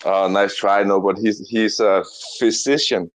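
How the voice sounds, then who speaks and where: A man's voice: on the low side, steady tone, a little slow, no room sound. A man in a casual chat, teasing and blunt.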